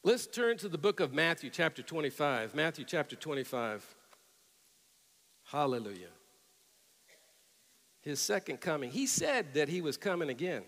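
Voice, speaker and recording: A middle-aged man preaching from the pulpit, his fairly high voice bright and forceful. He tells stories and then rises to loud, emphatic peaks. The sound rings through a large church hall with a long reverb. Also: very animated, moderate pace, creaky, long pauses. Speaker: pastor. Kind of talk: sermon.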